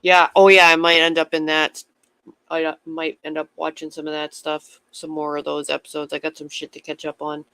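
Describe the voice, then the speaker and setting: A man's voice: a little high, completely flat delivery, moderate pace, vocal fry, pushed and bright, smooth. A man chatting casually with viewers on his livestream, rambling from topic to topic and swearing freely.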